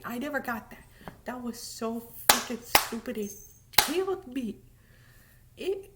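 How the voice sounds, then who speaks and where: A woman vlogger chatting casually about a TV series, animated and emphatic, repeating words for effect and sometimes dropping to a whisper. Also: sits high. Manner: drops to a whisper at times. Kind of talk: casual chat.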